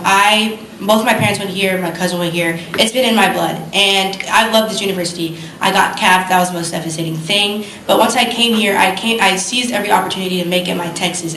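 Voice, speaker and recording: A young woman rattles through her debate closing statement at a rapid clip, earnest and a little rambling. Her pitch sits in a middle range. The hall around her rings, with a faint hum of noise behind. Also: fairly bright tone. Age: young adult. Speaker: student candidate.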